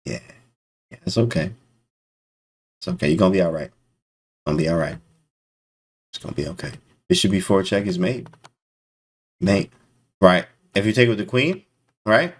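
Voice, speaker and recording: A man commentating chess live to his stream chat, excitable and disbelieving, talking in casual slang. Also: low-pitched, moderate pace, long pauses, slightly rough.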